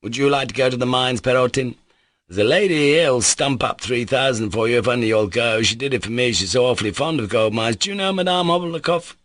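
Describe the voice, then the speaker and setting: A man voicing a reckless, excitable young nobleman in an audiobook reading, loud and exclamatory. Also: mid-range voice, quick pace, dry recording, voice pushed up, lightly acted. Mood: exuberant.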